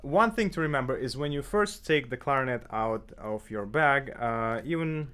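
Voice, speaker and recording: A man's voice: medium pitch, moderate pace, smooth. A man teaching clarinet in a casual tutorial from his apartment, talking loosely with many fillers and restarts. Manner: relaxed, with frequent fillers and self-corrections. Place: apartment indoors.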